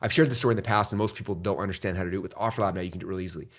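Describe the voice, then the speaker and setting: A man's voice: low voice, racing. A man in his forties telling a story in a casual live training session, acting out the voices of the people in it. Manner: animated storytelling, acts out quoted voices. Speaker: business trainer.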